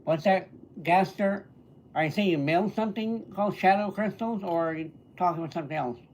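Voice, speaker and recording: A man's voice: high voice, fairly quick, slight background noise. A man hosting a live stream, casually greeting viewers by name and answering their questions. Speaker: livestreamer and entertainer. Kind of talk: casual livestream chat answering viewer comments.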